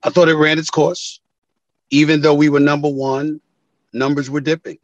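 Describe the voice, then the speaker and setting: Male sports commentator as guest, raised pitch, dry, animated, emphatic storyteller. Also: moderate pace, no room sound, lo-fi sound. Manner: emphatic, acts out quoted calls with big pitch swings.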